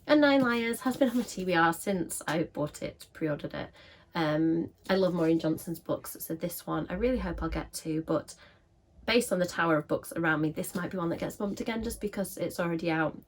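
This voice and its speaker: Woman book vlogger, kinda scratchy voice, slightly low, lots of ums, just chatting. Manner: chatty, with frequent filler ums. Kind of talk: casual chat to camera.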